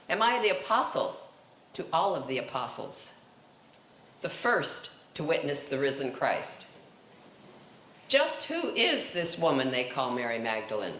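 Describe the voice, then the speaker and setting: A man's voice: on the high side, fairly bright tone. A man performing a dramatic monologue as Mary Magdalene, a passionate woman telling her own story with rhetorical questions, at a seminary talent show. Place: seminary event room. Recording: roomy echo, faint noise.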